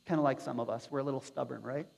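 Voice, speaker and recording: A man preaching a sermon as pastor, animated and acting out quotes with playful asides. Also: medium pitch, racing, vocal fry. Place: church sanctuary. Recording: long church reverb.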